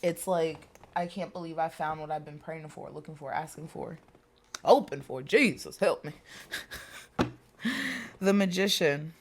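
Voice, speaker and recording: Low-voiced woman giving a chatty tarot reading. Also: a little slow, pauses often. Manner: chatty, emphatic, repeats herself, swears freely. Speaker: tarot reader. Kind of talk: casual tarot reading to viewers.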